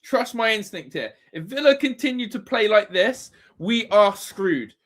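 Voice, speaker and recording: High-voiced ranting football fan. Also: male voice, lively intonation, a little slow, fairly bright tone. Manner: ranting, exasperated, swearing. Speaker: fan channel host. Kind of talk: live football watch-along commentary.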